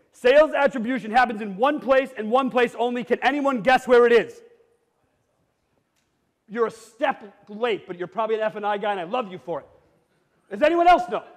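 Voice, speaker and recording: Middle-aged guy giving a fired-up conference talk, blunt and jokey, big echoey hall. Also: high-pitched. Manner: animated, blunt, jokey, rising to near shouts. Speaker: conference speaker. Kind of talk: energetic keynote presentation. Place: conference hall with live audience. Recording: reverberant hall.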